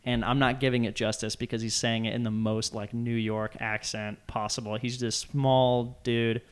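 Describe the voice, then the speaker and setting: Smooth-voiced young man telling a story. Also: medium pitch, moderate pace. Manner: animated storyteller, acts out quotes loudly. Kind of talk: casual chat.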